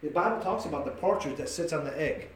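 Man, preacher, impassioned sermon, high voice, loud-to-hushed swings, echoey church room. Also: lively intonation, fast, slight background noise. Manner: impassioned, swings between shouting and near-whispering; addresses listeners by name.

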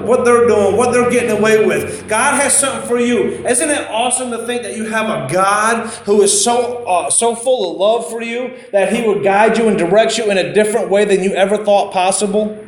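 High-voiced preacher in an echoey room. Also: male voice. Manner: conversational, storytelling, repeats himself. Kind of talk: informal sermon.

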